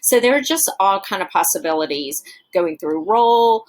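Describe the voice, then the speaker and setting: A woman's voice: medium pitch, expressive, normal speed. A woman teacher walking through classroom exercises on her slides, thinking aloud with frequent fillers. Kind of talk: presenting teaching ideas over slides.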